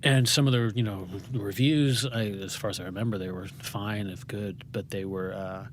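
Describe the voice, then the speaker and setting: American guy rambling through a story, lots of ums, lowish voice, faint hiss behind. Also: steady tone, moderate pace. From United States. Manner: rambling and self-deprecating, with many fillers and restarts. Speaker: guest playwright. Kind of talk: conversational interview.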